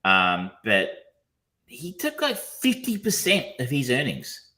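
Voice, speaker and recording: This film-review podcast co-host talks slowly in a mid-range, sharp voice whose pitch swoops wildly. He rambles casually, swears offhandedly, and keeps saying um and restarting.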